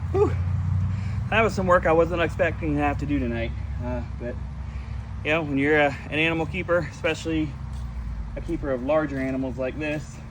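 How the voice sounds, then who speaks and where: A man's voice: a little high, brisk, noisy background. Chatty man tending tortoises outdoors. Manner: relaxed, chatty, talks fondly to his tortoises. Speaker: reptile keeper. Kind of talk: casual outdoor vlog. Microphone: camera set on ground.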